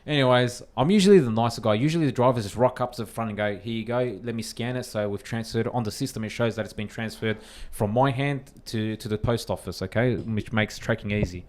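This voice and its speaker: A young Australian co-host on a casual podcast tells a story fast and with few pauses, his voice mid-range. He's animated, swears freely and acts out the quotes.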